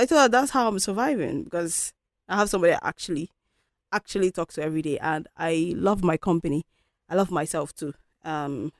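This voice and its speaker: A woman's voice: fairly low pitch, darkish tone, no echo, clean studio sound. A woman hosting a solo podcast, talking in a candid, reflective, conversational way. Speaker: podcast host.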